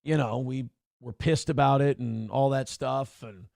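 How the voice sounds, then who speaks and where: A man's voice: medium pitch, steady tone, measured pace, gravelly, a little mellow, dry recording, studio quality. A middle-aged man hosting a casual livestream, reading out chat comments and talking candidly in a rambling way, with many restarts.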